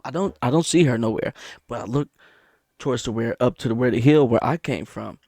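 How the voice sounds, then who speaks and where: A man casually telling a story about a dream, animated and repetitive, punctuating it with sound effects. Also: quick pace, dry recording, clean studio sound. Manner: animated, repeats himself, sound effects like boom. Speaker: vlogger.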